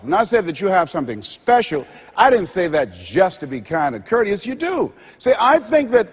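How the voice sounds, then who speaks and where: An older man giving a motivational seminar speech to a live audience, preacher-like, with dramatic pauses and repeated phrases. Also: high-pitched, husky, highs cut off. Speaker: motivational speaker. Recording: long hall reverb. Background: audience laughter.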